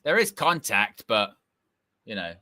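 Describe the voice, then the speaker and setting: Excitable young British man, bright voice. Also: lowish voice, a little slow, dry recording. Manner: excitable, bursts into shouting at big moments. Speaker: watch-along host. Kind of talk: live football watch-along commentary.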